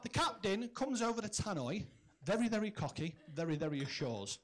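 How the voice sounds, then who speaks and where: A man's voice: high-pitched, sing-song, a little fast. A man doing brash stand-up, telling a story punchily and swearing freely on a comedy club stage.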